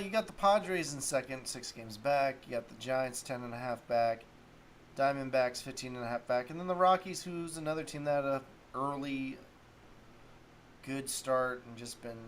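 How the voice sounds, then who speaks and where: A man's voice: medium pitch, normal speed, slight background noise. A man hosting a solo sports talk stream, rambling casually and thinking aloud while he looks up stats. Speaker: sports talk show host.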